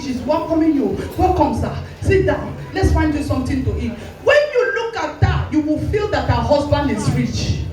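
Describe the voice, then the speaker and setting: A woman pastor with a Nigerian English accent preaching a sermon, challenging her listeners directly and acting out quoted voices. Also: high-pitched. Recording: very echoey hall with faint music, voice from a distance.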